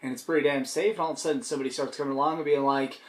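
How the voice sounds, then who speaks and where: A man vlogger talks straight to his viewers in a casual, sarcastic way, dropping a curse now and then. His voice sits at an ordinary middle pitch. The room around him gives a clear, roomy echo. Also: steady tone, very fast.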